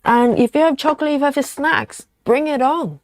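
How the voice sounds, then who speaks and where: A woman's voice: high voice, moderate pace, dry recording. A woman hosting a casual live stream, chatting and reading viewer comments aloud as she goes.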